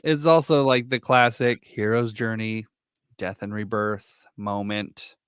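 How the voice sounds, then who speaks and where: A man's voice: lowish voice, smooth, no echo, clean studio sound. Easygoing man talking movies. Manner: relaxed, agreeable, quick back-and-forth replies. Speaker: podcast co-host. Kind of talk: casual film discussion.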